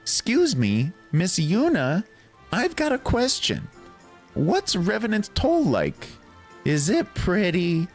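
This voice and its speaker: A man voicing an eager little girl in a game, pleading in a high, drawn-out voice. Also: huge pitch swings, soft background music, full character voice. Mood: curious.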